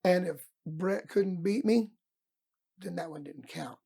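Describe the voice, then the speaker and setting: Taking it slowly, a middle-aged wrestling coach with a high, husky, gravelly voice looks back on his youth for a podcast. The interview is casual, and he brings the stories to life by acting out his former coaches.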